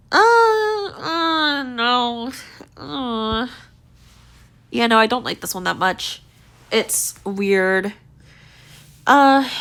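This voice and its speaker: A woman's voice: lowish voice, fairly bright tone. A young woman chatting casually as she rates outfits, rambling with lots of fillers, her voice a little tired and strained. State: voice tiring, slightly strained. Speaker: gaming video creator. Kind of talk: casual rating commentary.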